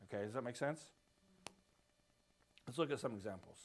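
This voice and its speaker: A man's voice: mid-range voice, expressive, normal speed, a little hiss or hum. Man teaching a church Bible class. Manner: explains step by step, often checks in with "right?".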